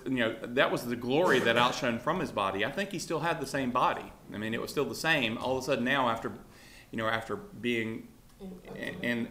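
A man leads an informal Bible class, speaking in a relaxed, conversational way with plenty of fillers. He keeps asking his students questions. His voice sits in a middle range and is recorded with a roomy echo. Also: medium pitch, slight background noise. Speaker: Bible study teacher.

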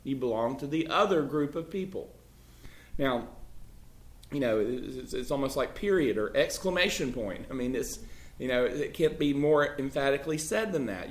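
A man's voice: medium pitch, lively intonation, normal speed. A man leading a casual Bible class, talking emphatically with many restarts and "you know" fillers. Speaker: Bible study teacher. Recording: echoey room.

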